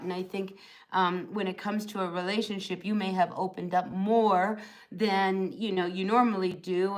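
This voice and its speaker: A woman's voice: on the low side, low-quality recording. A middle-aged woman hosting a live tarot stream, chatting casually and reassuringly with plenty of fillers.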